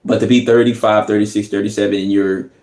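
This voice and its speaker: A man hosting a reaction video, talking casually in an animated, slangy way and laughing often. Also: lowish voice, quick pace. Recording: echoey room.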